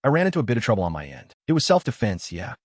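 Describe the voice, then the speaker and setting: A man's voice: on the low side, wildly swooping pitch, racing, a little mellow, no room sound, studio quality. A man voicing a cruel, sneering male thug killer who threatens and mocks. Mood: casual.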